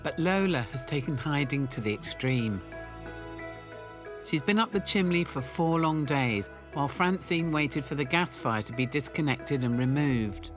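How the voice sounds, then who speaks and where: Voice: mid-range voice, a little slow. A documentary narrator with a playful, punning delivery, reading a scripted voice-over. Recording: voice-over with loud music bed.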